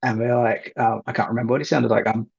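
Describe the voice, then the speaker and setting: A man playing a tabletop game, hesitant with many pauses. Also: mid-range voice, level tone, gravelly, breathy edge. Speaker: player. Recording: slightly muffled mic.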